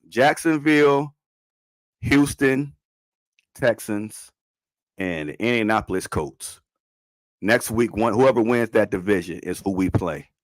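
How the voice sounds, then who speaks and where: A man hosting a podcast in casual sports talk, animated, slangy and repeating himself. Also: lowish voice, no echo, studio quality. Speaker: podcast host.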